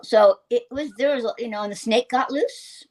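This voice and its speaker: Older woman telling animated stories. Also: on the high side, normal speed. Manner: animated storyteller who laughs often. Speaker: guest actress. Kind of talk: casual interview anecdotes.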